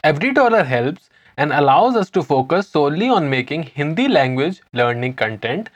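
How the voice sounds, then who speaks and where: A man's voice: a little high, normal speed. A man co-hosting a language-lesson podcast, reading questions and recapping the answers. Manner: lively read with questions and recaps.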